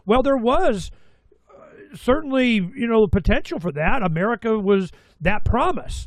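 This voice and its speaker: High-voiced man, rambling talk host. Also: moderate pace, dry recording. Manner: animated storytelling with quoted asides and mild cursing. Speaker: radio show host.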